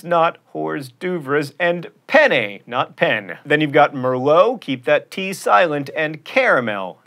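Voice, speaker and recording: A man hosting a scripted educational video, rattling through facts with quick, wry, pedantic delivery and deadpan asides. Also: on the high side. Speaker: host. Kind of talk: fast scripted educational monologue.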